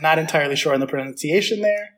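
A man hosting a casual podcast chat, chatty and laughing often, with a slight vocal fry. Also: a little high, very fast. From United States. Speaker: podcast host.

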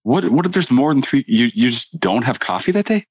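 A man co-hosting a podcast in casual chat, joking and playing along with quick quips. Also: mid-range voice, sing-song, darkish tone, husky, no echo, studio quality. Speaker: podcast co-host.

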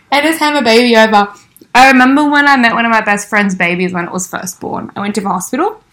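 A young woman co-hosting a podcast in casual chat, chatty and quick to laugh, acting out the lines she quotes. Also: mid-range voice, a bit bright. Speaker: podcast co-host.

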